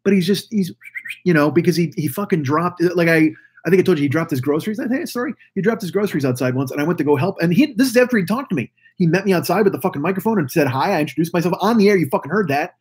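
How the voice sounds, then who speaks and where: A man's voice: sits high, lively intonation, rapid-fire, breathy edge. A man hosting a live stream, rambling and swearing casually as he greets viewers over a webcam mic. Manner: profane, rambling, chatty. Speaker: live stream podcast host.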